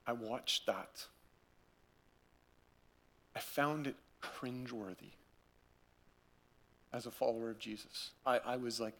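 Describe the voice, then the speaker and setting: A man preaching a sermon, earnest and repetitive, swinging between loud urging and quiet gravity. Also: mid-range voice, fairly even intonation, slow pace, pauses often. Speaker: pastor.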